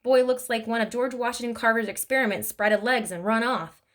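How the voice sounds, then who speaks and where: A woman's voice: a little high, fairly even intonation, fairly quick, fairly bright tone, lightly acted. Woman reader voicing a teasing old man in a storybook; light joking delivery.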